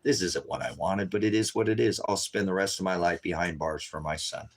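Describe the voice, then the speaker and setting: Urgent low-voiced man livestreaming. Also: fairly quick. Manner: urgent and repetitive, constantly addressing viewers as guys. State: tired, staying up all night. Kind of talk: unscripted livestream talk to viewers.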